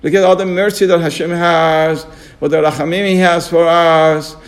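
Guy with a high voice teaching torah on the radio, acts out people whining why me. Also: little pitch movement, moderate pace. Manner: emphatic, acts out complaining questions.

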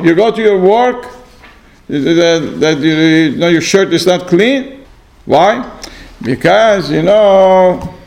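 A man teaching an informal religious class to a small group, talking in loose, repetitive phrases full of "you know" and sometimes dropping to a soft, low voice for asides. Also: vocal fry, poor audio. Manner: repetitive, many "you know" fillers, acts out exchanges.

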